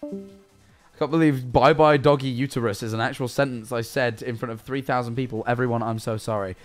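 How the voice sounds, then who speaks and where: A man's voice: medium pitch, steady tone, fairly quick, soft background music. Stammering young man on a call-in stream. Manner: rambling, stammers and repeats words, swears casually. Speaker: streamer answering viewer calls. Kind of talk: casual live-stream chat.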